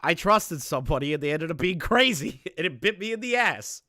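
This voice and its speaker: A man giving casual, profane commentary on clips, blunt and quick to laugh. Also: on the high side, very animated, bright, forceful tone, no room sound, clean studio sound. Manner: blunt, swearing, laughs often. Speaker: commentary streamer reacting to clips.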